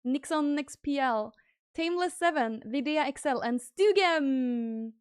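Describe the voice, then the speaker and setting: A young woman streaming live, chatting casually and squealing excited thanks to donors. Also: high voice, unhurried, no echo, studio quality.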